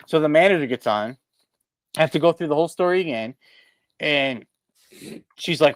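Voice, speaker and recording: A man co-hosts a casual podcast, telling a long story in an animated, rambling way and tripping over his own restarts. His voice sits a touch high. The sound is dry and close to the mic. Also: fairly quick, no room sound. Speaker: podcast co-host. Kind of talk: casual chat.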